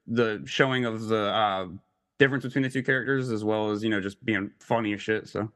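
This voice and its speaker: Brief: male guest with a bright voice, loose rambling chat. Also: fairly low pitch, fairly even intonation, brisk. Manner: rambling, many fillers, laughs. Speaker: podcast guest. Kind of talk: casual film discussion.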